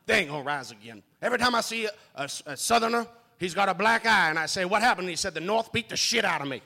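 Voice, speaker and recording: A man's voice: sits high, quick pace, sharp tone. A male comic in a comedy club, trading crude roast jokes with a brash, punchy delivery. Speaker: stand-up comic in a debate show. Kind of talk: crude roast-style stand-up.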